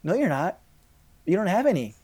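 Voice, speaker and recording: A man's voice: sits high, very animated, a little fast, darkish tone, slightly rough. A man in his thirties, a pastor, talking candidly in a casual interview, rambling a little with fillers.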